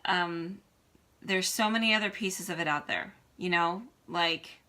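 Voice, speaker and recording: Earnest woman vlogging, bright voice, kinda emotional, pep talk to the camera. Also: lowish voice, measured pace. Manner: earnest, encouraging, direct to viewer. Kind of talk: heartfelt motivational vlog talk.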